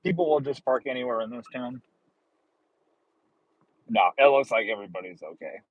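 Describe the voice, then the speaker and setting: A man's voice: mid-range voice, lively intonation, moderate pace, dry recording, lo-fi sound. A man livestreaming while driving deliveries, chatting casually and making joking, rambling asides from his car. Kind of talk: casual live-stream chat.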